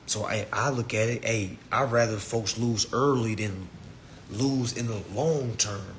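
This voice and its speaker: A man's voice: measured pace, a little hiss or hum. A man hosting an online class on a live stream, ranting bluntly and mockingly at his listeners. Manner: blunt, profane, mocking, mimics people in high voices. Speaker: online finance class host.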